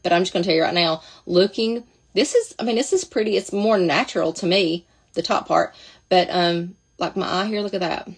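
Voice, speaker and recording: Woman chatting thru a makeup demo, lowish gravelly voice, keeps cutting herself off. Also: brisk. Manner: chatty, self-interrupting, thinking aloud. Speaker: makeup seller demonstrating products. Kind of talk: casual makeup tutorial.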